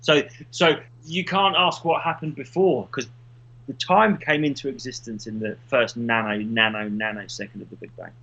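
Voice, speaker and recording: A man's voice: medium pitch, steady tone, normal speed, pushed and bright, muffled recording. A man, co-hosting a podcast in casual chat, rambling through stories and swearing freely. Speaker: podcast co-host.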